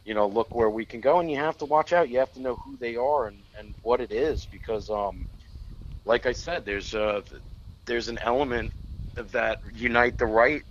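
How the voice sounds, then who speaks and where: A man's voice: medium pitch, moderate pace, lo-fi sound, a little hiss or hum. A man co-hosting a political talk radio show, speaking bluntly and emphatically and swearing when heated.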